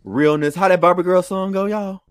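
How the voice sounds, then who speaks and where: A man co-hosting a podcast, giving emphatic, expressive recap commentary with free cussing. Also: high voice, a little fast, dry recording, clean studio sound. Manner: expressive, emphatic, cusses freely. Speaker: podcast co-host. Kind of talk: casual recap chat.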